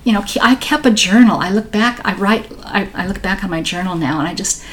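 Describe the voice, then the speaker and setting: A woman's voice: mid-range voice, brisk. A woman, a podcast guest telling her story in a rambling, heartfelt way. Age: 60s. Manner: warm, emotional, rambling storyteller. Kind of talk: conversational interview.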